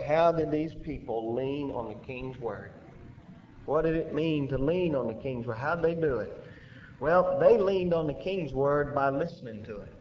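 A man preaching a sermon, swinging between loud emphatic rises and quiet drops, recorded lo-fi in an echoey church with faint hiss. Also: mid-range voice. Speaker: pastor.

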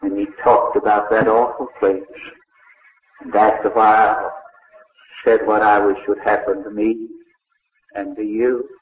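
An older man, preaching a sermon as a slow, dramatic story and voicing the people in it. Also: fairly low pitch, flat delivery. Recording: echoey hall over a tinny, lo-fi line.

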